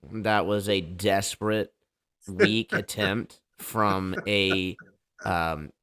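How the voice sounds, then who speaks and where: With a lowish, slow voice that is a bit bright and clean in tone, a man hosts a casual livestream debate show. He sets things up through loose, joking, hype-style banter.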